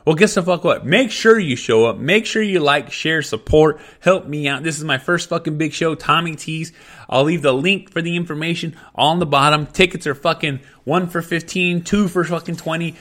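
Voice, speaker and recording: A man ranting angrily and profanely as a podcast host, in a loud comedic tirade. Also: on the high side. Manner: angry, profane, shouting rant.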